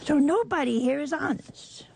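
A woman's voice: high voice, animated, moderate pace, gravelly, dark tone, dry recording. A woman preaching a folksy sermon, teasing her listeners and acting out the people in a parable.

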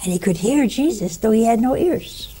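Woman preaching, chatty storyteller, husky low warm tone. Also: moderate pace. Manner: lively storyteller with asides to listeners. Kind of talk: conversational spiritual teaching.

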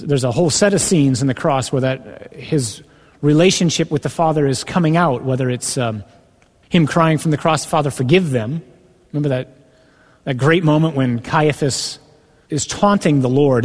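A man preaching a sermon with a slightly high voice that lifts sharply when he quotes scripture. His words carry an earnest, emphatic weight. The voice rings with the long reverb of a large hall. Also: darkish tone. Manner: earnest, builds to emphatic rising passages when quoting scripture. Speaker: priest.

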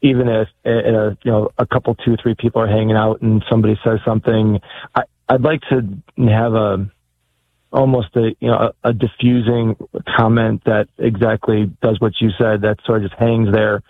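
A man calling in to a talk show, speaking hesitantly with many pauses and restarts, heard over a phone line. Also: lowish voice, little pitch movement. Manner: hesitant, lots of ums and restarts. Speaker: caller. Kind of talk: phone-in conversation.

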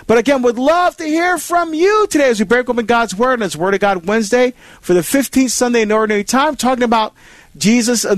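A man's voice: sits high, dry recording. A male Catholic radio host talking earnestly on a call-in show, with many restarts and acted-out challengers. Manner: earnest, repetitive restarts, acts out challengers' voices. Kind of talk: call-in radio talk on faith.

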